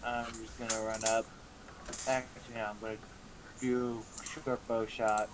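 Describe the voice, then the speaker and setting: A player in a tabletop game, hesitant and thinking out loud. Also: mid-range voice, level tone, unhurried, background noise. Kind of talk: casual tabletop play.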